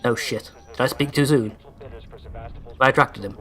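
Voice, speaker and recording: Male let's-play host, mid-pitched, sarcastic and crisply over-enunciated. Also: moderate pace, a bit bright. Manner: sardonic, sweary, over-pronounces words. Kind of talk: casual gameplay commentary.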